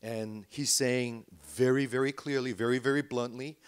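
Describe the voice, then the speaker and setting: A man preaching a Sunday sermon as pastor, earnest and deliberate, pausing often with "uh" and repeating words for emphasis. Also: medium pitch, fairly even intonation, clear, resonant tone. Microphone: remote livestream worship.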